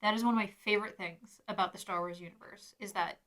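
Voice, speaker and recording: A woman's voice: mid-range voice, fairly even intonation, quick pace, fairly bright tone. A woman co-hosting a podcast, chatting casually, agreeing readily and speaking fondly. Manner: agreeable, affectionate, chiming in. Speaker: podcast co-host. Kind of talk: casual chat about a TV show.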